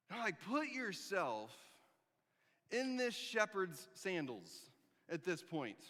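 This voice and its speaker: High bright-voiced man preaching in a church. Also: slow pace. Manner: animated, joking storytelling with sarcastic asides. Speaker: pastor. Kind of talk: sermon. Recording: long reverb of a church hall.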